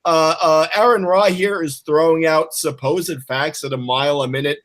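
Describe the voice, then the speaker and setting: A man talks through a point hesitantly, stacking up fillers as he goes. His voice sits a bit higher than most. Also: steady tone, moderate pace, fairly bright tone. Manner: hesitant, filler-heavy analysis. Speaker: panel guest. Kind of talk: panel discussion.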